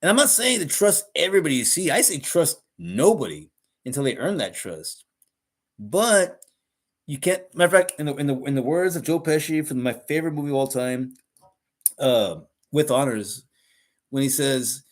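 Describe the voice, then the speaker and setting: A man's voice: fairly high pitch, expressive, moderate pace. A middle-aged man hosting a podcast, ranting bluntly and profanely in a casual monologue. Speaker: podcast host. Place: live podcast recording.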